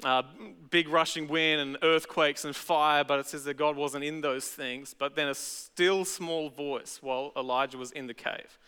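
A man's voice: a little high, fairly even intonation, a little slow, hardly any pauses, pushed and bright, smooth. A man with an Australian accent preaching a sermon as pastor, talking in a chatty, conversational way with casual asides. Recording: echoey hall.

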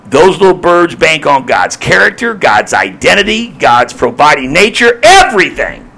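A male pastor preaching a sermon, emphatic and repetitive, swinging between loud appeals and hushed asides. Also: on the high side, big pitch swings, moderate pace, gravelly, hardly any pauses.

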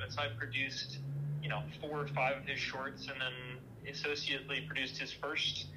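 A man's voice: medium pitch, flat delivery, moderate pace, background noise. A man being interviewed about his film work, telling stories in a chatty, self-deprecating way and laughing easily. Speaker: film director and producer, guest. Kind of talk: casual interview chat.

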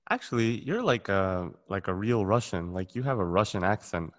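A man hosting a casual interview, relaxed and rambling with many fillers. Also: low-pitched, moderate pace. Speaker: interview host.

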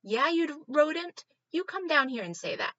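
A woman voicing a big, rude male dog who shouts at a squirrel, in a storybook read-aloud. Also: high voice, very animated, moderate pace, dry recording, highs cut off, voice pushed up, full character voice. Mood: angry. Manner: loud, shouting.

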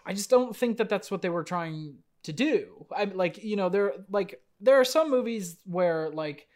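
A man's voice: sits high, expressive, normal speed, a little mellow. A man hosting a podcast in casual chat, rambling and hedging with many "like"s and restarts. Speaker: podcast host.

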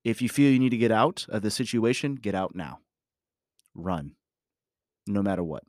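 A man's voice: lowish voice, animated, moderate pace, darkish tone, dry recording, clean studio sound. A man telling a personal story in a casual monologue, rambling and emphatic, swearing often and leaning on "you know". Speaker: parent talking about his family.

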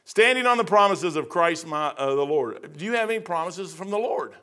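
Middle-aged male pastor, folksy rambling preacher, high-pitched, sings bits of hymns. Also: lively intonation, brisk, bright, forceful tone. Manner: folksy, rambling, says "man" a lot, half-sings hymn lines. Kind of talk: verse-by-verse sermon.

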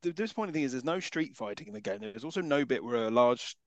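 Wry man with a lively voice. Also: medium pitch, quick pace, no echo. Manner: wry, sarcastic jokes with mock quotes. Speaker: podcast co-host. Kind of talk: casual film review chat.

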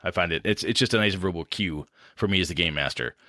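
A man's voice: sits low, quick pace, pushed and bright, no room sound, studio quality. A man with a Midwestern American accent hosting a casual podcast chat about running tabletop games, rambling with restarts. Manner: rambling, restarts, frequent laughs. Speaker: podcast host and game master.

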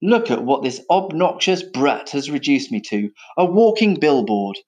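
A man's voice: a little high, big pitch swings, unhurried, a little mellow, voice pushed up. A man voicing a mournful, fussy male white elephant who complains dramatically.

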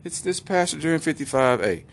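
A polite, flustered flight attendant, as a man puts her on. Her voice sits a little higher than his own. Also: big pitch swings, brisk, vocal fry, a little hiss or hum.

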